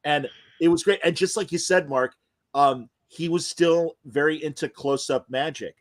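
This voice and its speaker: A man hosting an interview podcast, telling stories in an animated, emotional, casual way. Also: on the high side, moderate pace. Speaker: podcast host interviewing comic creators. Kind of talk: casual chat.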